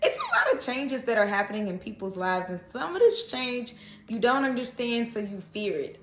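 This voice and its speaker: A woman's voice: mid-range voice, sing-song, normal speed, a bit bright. A woman giving a casual tarot reading to camera, chatty and reassuring, often checking in with "okay?". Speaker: tarot reader. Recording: echoey room.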